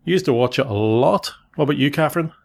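Rambling dad hosting a podcast. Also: male voice, mid-range voice, animated, fast talker, creaky, darkish tone. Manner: rambling, self-correcting, playful. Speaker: podcast host. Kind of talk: casual family podcast chat.

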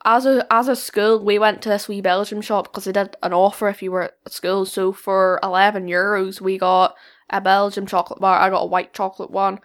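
A woman's voice: medium pitch, level tone, brisk. A teenage girl, chatting casually on a podcast and recounting a trip with some hesitation. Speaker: podcast guest. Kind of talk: casual storytelling.

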